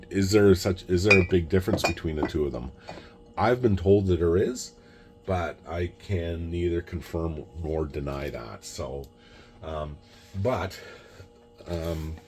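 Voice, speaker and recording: Deep-voiced man chatting casually. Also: a little mellow. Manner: rambling, repeats words, acts out dialogue. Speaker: whisky collector vlogger. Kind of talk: casual chat.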